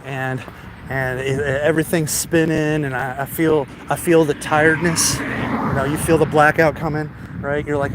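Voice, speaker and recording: Guy rambling into his phone on a walk, kinda high voice, stumbles over words, laughs a lot, traffic noise all around. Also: level tone, normal speed. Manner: rambling, stammering, laughs often. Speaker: vlogger. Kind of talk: rambling storytelling while walking. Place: outdoors on a city street. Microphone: phone held while walking. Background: street traffic noise.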